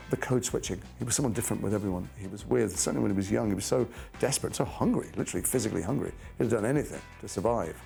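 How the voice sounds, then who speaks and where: A man's voice: lowish voice, gravelly, darkish tone. A middle-aged man, an actor recounting anecdotes from his career in a thoughtful interview, often trailing off and restarting.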